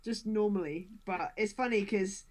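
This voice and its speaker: A woman in her thirties from Scotland speaks in a standard, southern English British accent with a medium pitch, a moderate pace and a darkish tone. She's a podcast guest chatting casually from home during lockdown and laughs often.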